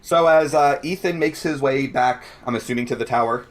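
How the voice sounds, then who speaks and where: A man running a tabletop game as game master, with a dry, deadpan manner when he speaks in character. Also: medium pitch, brisk.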